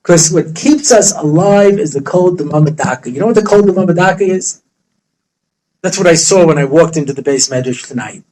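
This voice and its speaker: A rabbi lectures to students in a fairly high voice. He tells the story with animated humor, slipping into the characters' voices as he goes. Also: normal speed, a little hiss or hum, rough recording. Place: study hall.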